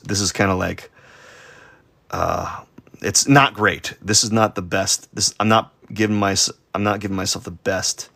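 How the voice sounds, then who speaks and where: A man's voice: low voice, vocal fry, fairly bright tone, dry recording. A man chatting casually on a livestream while drawing, rambling, stuttering and putting himself down. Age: adult. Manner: rambling, self-deprecating, stuttering. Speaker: streaming artist.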